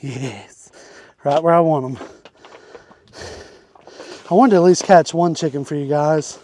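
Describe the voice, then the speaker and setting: A man's voice: fairly high pitch, normal speed, mellow. A young man making a casual farm vlog outdoors, joking as he talks to his chickens. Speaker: homesteader vlogger.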